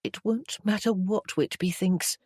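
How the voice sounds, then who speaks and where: A woman voicing a young lady in love in a period romance, soft and earnest, a little higher than her narration. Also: measured pace, slightly rough, dry recording, studio quality. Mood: tender.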